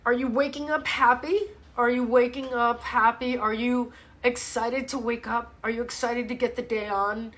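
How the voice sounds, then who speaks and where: A woman's voice: on the high side, steady tone, normal speed, a bit bright. A woman fitness coach ranting in a blunt, opinionated way with swearing, chatting live to viewers from home. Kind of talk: live ask-me-anything chat. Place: home, livestream. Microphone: webcam or phone mic.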